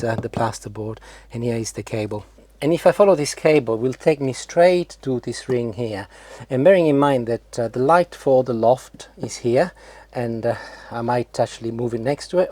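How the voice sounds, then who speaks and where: A man's voice: mid-range voice, darkish tone, echoey room, a little hiss or hum. A middle-aged man chatting casually through a home DIY job, rambling with lots of fillers. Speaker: homeowner doing DIY. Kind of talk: casual vlog narration. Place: inside a house, bathroom and loft.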